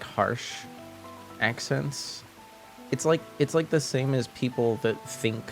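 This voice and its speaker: A young man with a French Canadian accent, chatting casually with his stream viewers, hesitant and soft-spoken with many restarts, faint music behind. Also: medium pitch. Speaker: livestream host. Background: faint background music.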